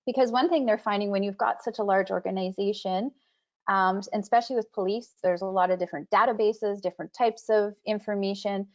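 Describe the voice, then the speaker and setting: A woman's voice: mid-range voice, steady tone, brisk, a little mellow. A woman on a webinar panel talking about records and privacy in a conversational way, with many fillers and restarts. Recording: muffled video call audio.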